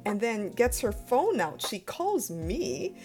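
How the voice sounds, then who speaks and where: Radio host lady telling a story, kinda high voice, laughs a lot. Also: takes it slowly, soft background music. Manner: animated storyteller, laughs often. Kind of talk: bilingual casual chat.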